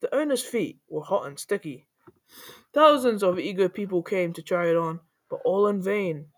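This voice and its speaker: A woman reading a rhyming children's story aloud in a playful, animated way, with the odd slip. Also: on the low side, normal speed. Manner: playful, animated, with small slips.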